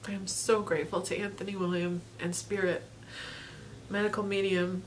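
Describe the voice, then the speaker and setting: A woman's voice: mid-range voice, level tone, normal speed, a little hiss or hum. A woman recording a personal video diary, talking emotionally and tearfully with frequent laughter, rambling with lots of fillers. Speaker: vlogger.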